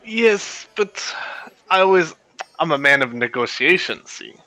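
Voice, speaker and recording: A man playing his character in a tabletop game, haggling in a halting way with restarts. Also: a little high, lively intonation, pushed and bright, dry recording, poor audio. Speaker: player. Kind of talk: in-character tabletop role-play.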